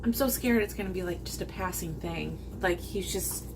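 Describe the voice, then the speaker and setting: A woman in her forties vlogging in a casual chat to camera, rambling and halting with lots of fillers. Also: fairly low pitch, background noise. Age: 40s.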